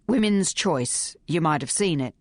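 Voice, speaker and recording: A woman voicing a blunt, gruff middle-aged woman writer who talks in clipped, barking sentences. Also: deep voice, animated, unhurried, no room sound, studio quality, exaggerated voice. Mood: confidential.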